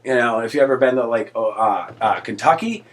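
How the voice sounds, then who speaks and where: A man's voice: medium pitch, brisk. A man co-hosting a casual chat show, talking loosely, joking, swearing and laughing often. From East Coast of the United States. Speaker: co-host.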